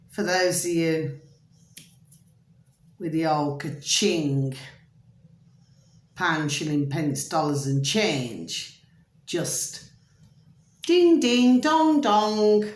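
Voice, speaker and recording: A woman's voice: low voice, echoey room. A woman vlogging to camera in a chatty, meandering monologue that keeps drifting off track. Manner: chatty, meandering, easily distracted; calls viewers "my delicious little babies".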